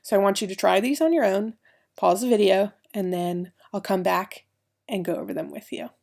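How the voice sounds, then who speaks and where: A woman's voice: medium pitch, moderate pace, gravelly, a little mellow. A woman teaching a recorded French grammar lesson, explaining each step and spelling out letters.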